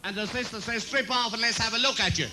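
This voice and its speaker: A comedian rattles through bawdy jokes on a club stage and laughs at his own punchlines. His voice is high and bright, with a cheeky edge. A faint hiss sits behind him. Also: fast, low-quality recording. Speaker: comedian and compere. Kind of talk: live bawdy stand-up jokes.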